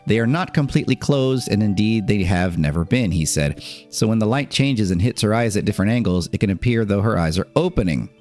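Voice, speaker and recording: A low-voiced man reads an article aloud on a live stream and breaks off for casual asides and laughs. Faint music plays in the background. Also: lively intonation, brisk, darkish tone.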